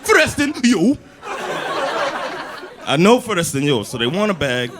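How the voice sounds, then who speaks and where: A man doing a stand-up comedy set, telling animated stories and slipping in Swedish phrases and big impressions. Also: on the high side, fast talker, a crowd in the background. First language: English. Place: comedy club stage before a live audience. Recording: live club recording with audience laughter and noise.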